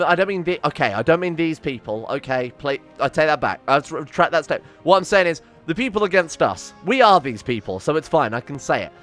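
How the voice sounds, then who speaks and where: Young man, gameplay commentary, fairly high voice, exasperated, swearing, soft music behind. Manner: exasperated, swearing, theatrical rants. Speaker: game streamer.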